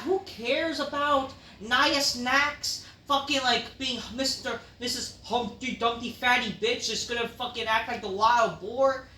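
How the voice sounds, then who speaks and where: A man's voice: extremely high pitch, steady tone, measured pace, few pauses, slight background noise. Profane, rambling man ranting. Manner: rambling, profane, loud outbursts. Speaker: wrestling show reviewer. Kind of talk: casual ranting review. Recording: echoey room, mic at a distance.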